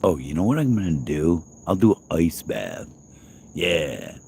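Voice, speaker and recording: A man's voice: sits low, sing-song, a little slow, gravelly, darkish tone, a little hiss or hum, rough recording. A man hosting a livestream in rambling casual chat, joking and teasing with frequent laughter. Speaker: livestream host.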